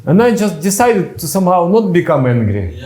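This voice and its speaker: A man teaches a meditation retreat class in an easy, conversational way, breaking into chuckles and restarting his sentences. His voice sits a little high and swings widely in pitch. The room around him rings with echo. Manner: animated, chuckles often, halting with restarts. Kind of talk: relaxed spoken lecture. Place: retreat room at a yoga monastery. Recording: echoey room.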